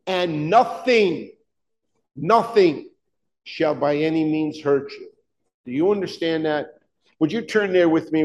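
A man preaching a sermon, emphatic and fervent, often questioning his listeners, with halting restarts and "uh" fillers. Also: a little high, darkish tone, low-quality recording. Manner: emphatic, rising to fervent peaks, asks the congregation questions.

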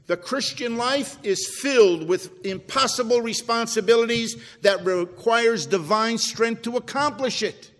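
A man preaching a sermon as pastor, swinging between emphatic peaks and low, quiet drops. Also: measured pace, hardly any pauses, big-room sound. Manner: preachy, rising to emphatic then dropping low. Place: church sanctuary.

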